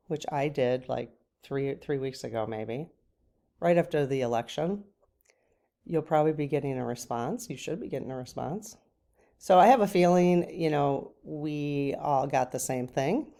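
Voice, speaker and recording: Low-voiced woman chatting tearfully. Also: mellow. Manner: tearful, breaks off to cry. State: crying at times. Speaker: channel host. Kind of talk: casual emotional vlog.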